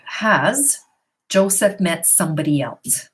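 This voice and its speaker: A woman's voice: medium pitch, expressive, unhurried. Woman, middle-aged, tarot reader, live stream from home, chatty, reassuring, casual. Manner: chatty, reassuring, reads questions aloud then answers. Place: her home. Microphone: computer or phone on a live stream.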